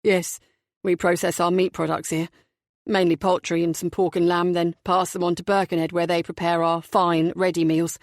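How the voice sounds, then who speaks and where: A woman's voice: on the low side, level tone, a little mellow, no room sound, clean studio sound, pitched below the performer's own voice, lightly acted. A woman doing a flustered young businessman. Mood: harried. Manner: apologetic, shaken and hurried. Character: nervous young male company director, flustered. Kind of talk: audiobook character voicing.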